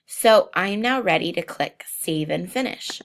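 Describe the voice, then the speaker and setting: A woman walking through software steps in a screencast tutorial, unhurried and thinking aloud with frequent ums. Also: lowish voice, expressive. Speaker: teacher demonstrating software.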